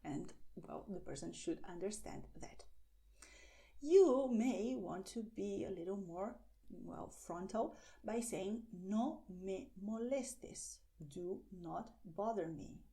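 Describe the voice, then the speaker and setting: A woman teaching beginners, patient and explanatory, often pausing on "well" and slowing down to model each phrase. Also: medium pitch, lively intonation, mellow. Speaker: language teacher.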